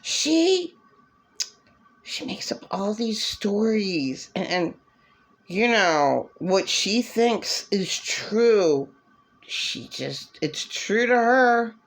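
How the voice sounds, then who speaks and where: A woman's voice: medium pitch, sing-song, extremely slow. A woman rambling through an agitated, repetitive rant to camera in a vlog. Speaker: vlogger.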